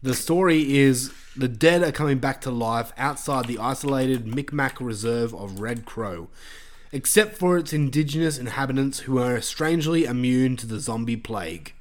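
A man's voice: medium pitch, moderate pace. A man hosting a podcast, chatting loosely with lots of fillers and casual swearing. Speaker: podcast host.

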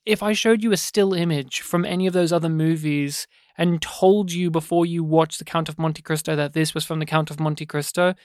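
A man talking through a film on a podcast in a loose, rambling way, circling back on himself with fillers and restarts. His voice is smooth and clear. The recording is dry and close, with no room sound. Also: fairly high pitch, steady tone, moderate pace, hardly any pauses, a little mellow, no echo. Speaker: podcast co-host. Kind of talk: casual film discussion.

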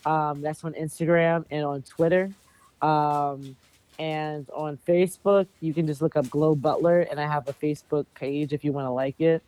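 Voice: medium pitch, steady tone, normal speed, darkish tone, no room sound. A guest chatting casually on a podcast, joking and poking fun at themself. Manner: joking, self-mocking.

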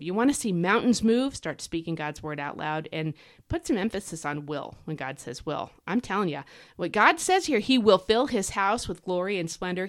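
Woman host, fast emphatic devotional podcast talk, slightly low pitch, chatty fillers. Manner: enthusiastic, emphatic, self-correcting with fillers; fast talker. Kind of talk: casual devotional teaching. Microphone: podcast microphone.

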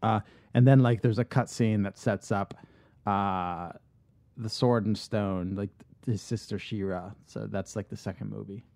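A man on a podcast casually pitching a movie idea, rambling with lots of fillers and restarts. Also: fairly even intonation, unhurried, gravelly, darkish tone, no echo.

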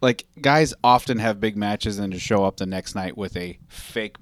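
Low-voiced man, rambling wrestling chat. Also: normal speed, no room sound. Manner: rambling storyteller, lots of fillers and asides. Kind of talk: casual chat.

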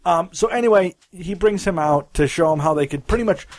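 A man co-hosting a podcast, recapping a movie in casual, animated chat with fillers. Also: sits high, a little fast. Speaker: podcast co-host.

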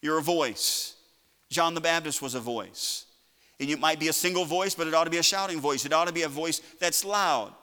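A man preaching a sermon, building to loud shouts and then dropping to a quiet, conversational tone. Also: on the high side, a little fast, clear, resonant tone, in a large hall. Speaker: pastor.

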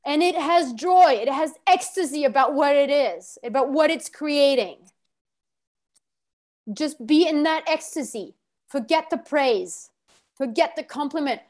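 A woman's voice: sits high, unhurried, a little mellow. A woman leading a workshop as coach, giving short, blunt, profane orders. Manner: commanding, gives short orders.

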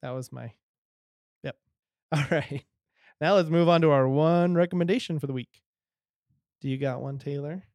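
Easygoing man with a fairly high voice. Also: normal speed, pauses often, a little mellow, no echo, studio quality. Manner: laughs often, easygoing. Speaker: podcast co-host. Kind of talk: casual chat.

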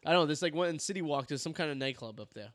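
Podcast co-host, man, 30s, rambling crude storyteller, slightly high voice, dry close mic. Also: lively intonation, very fast, fairly bright tone, no echo. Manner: crude, laughs often. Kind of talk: casual chat.

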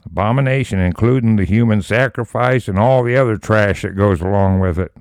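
A man leading a Bible study, reading scripture slowly and then breaking into emphatic commentary. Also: on the low side, a little mellow, no echo, studio quality.

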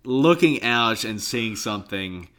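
A man co-hosting a podcast in casual chat, playful and quick to laugh. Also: fairly low pitch, lively intonation, a bit bright. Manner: chatty, laughs often, playful impressions. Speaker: podcast co-host.

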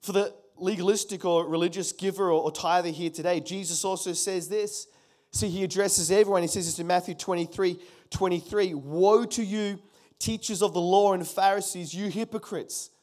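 A man's voice: sits high, fairly even intonation, moderate pace, darkish tone. A man in his forties preaching a sermon as pastor, emphatic, repeating key phrases and calling on the congregation to respond.

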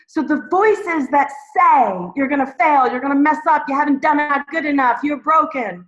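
A woman's voice: high voice, moderate pace, hardly any pauses, fairly bright tone. A woman podcast guest sharing her faith testimony and leading listeners in prayer, emotional and rambling. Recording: roomy, dull lo-fi sound.

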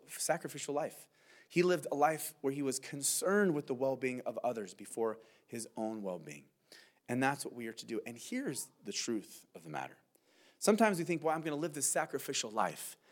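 Lively, earnest preaching man. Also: on the high side. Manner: earnest, conversational preaching with frequent "man" and "right?". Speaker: pastor. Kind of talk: verse-by-verse sermon.

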